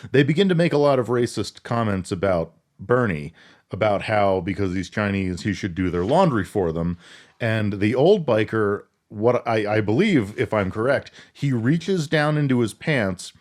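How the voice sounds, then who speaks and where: A man's voice: lowish voice, darkish tone. A man co-hosting a podcast, casually recapping a film with crude jokes. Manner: laid-back storyteller, crude jokes. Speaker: podcast co-host. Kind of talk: casual movie recap chat.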